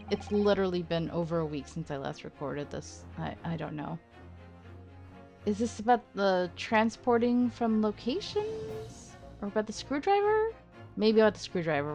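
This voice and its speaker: A woman hosting a game let's play, chatting through it in an animated, playful way, with frequent laughter and rambling asides. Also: mid-range voice. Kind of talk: game commentary.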